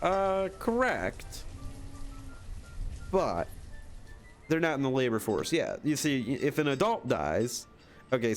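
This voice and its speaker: A man with a Michigan accent and a lowish voice gives casual gameplay commentary. He rambles, chuckles, and swings his pitch up and down a lot as he talks to his viewers. Faint music plays underneath. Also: darkish tone. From Michigan, USA. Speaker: streamer.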